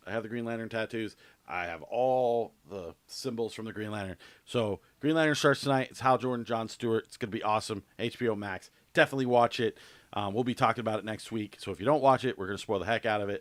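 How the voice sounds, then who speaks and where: A man's voice: mid-range voice, no room sound. A man co-hosting a podcast in casual chat, rambling and offhand with lots of fillers and restarts. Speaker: podcast co-host.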